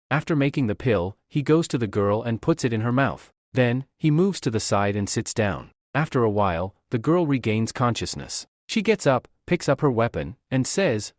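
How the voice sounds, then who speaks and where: A man reading out a comic recap as scripted story narration, in a steady storytelling voice. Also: mid-range voice, normal speed, few pauses, dry recording, studio quality.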